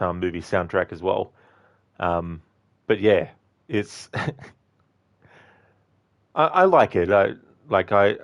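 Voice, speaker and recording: A man chatting casually on a game livestream, thanking viewers by name and rambling through asides. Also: sits low. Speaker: game streamer.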